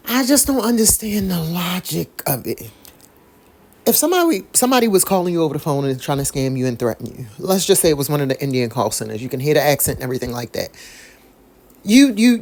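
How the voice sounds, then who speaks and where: A woman's voice: deep voice, darkish tone. A woman vlogger giving blunt, profane commentary on the story she is reading aloud. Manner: blunt and profane, speaks frankly, asides with laughs. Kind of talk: casual commentary while reading a news article.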